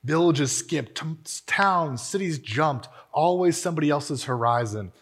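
A man voicing a young, rich, reckless gentleman toad from a storybook, speaking in a dreamy, rapturous monotone. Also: fairly high pitch, a little slow, voice pushed up. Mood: dreamy rapture. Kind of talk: reading a storybook passage aloud.

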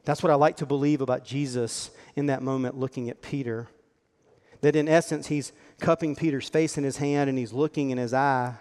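A man's voice: medium pitch, steady tone, fairly quick, a little mellow. A man preaching a sermon in an earnest, conversational way, acting out the lines he quotes. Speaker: pastor. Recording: long hall reverb.

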